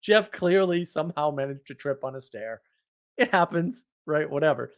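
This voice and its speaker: A man telling an anecdote in a casual monologue, animated, often laughing and full of fillers and restarts. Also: a little high, normal speed. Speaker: host.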